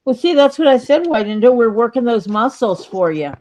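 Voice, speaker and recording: A woman's voice: fairly high pitch, lively intonation, a little fast, a little mellow. Teasing woman co-host. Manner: teasing, playful banter. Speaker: live-stream co-host. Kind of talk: casual live-stream chat.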